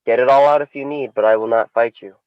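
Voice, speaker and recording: A man voicing an old, wise kung fu master who speaks calmly and with restraint. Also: no echo, highs cut off, close to an everyday voice. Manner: calm, measured, low.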